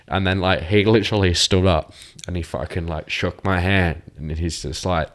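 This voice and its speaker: A man's voice: low-pitched, normal speed, few pauses, fairly bright tone. A young man, a podcast guest rambling through a profane, laughing party story in casual chat. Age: young adult.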